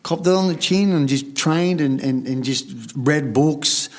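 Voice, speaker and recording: A man's voice: a little high, measured pace. A middle-aged Australian man telling his story in casual conversation, blunt and swearing freely. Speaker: podcast guest.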